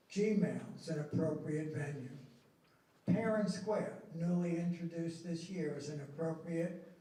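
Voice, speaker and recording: A middle-aged man presenting policy at a school board meeting, slow and emphatic, stressing key words. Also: a little high, dark tone. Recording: echoey meeting room from far off.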